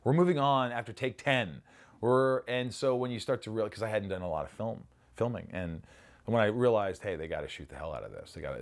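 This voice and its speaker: A middle-aged man, an actor in a casual interview, telling stories animatedly, swearing freely and acting out lines. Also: low-pitched.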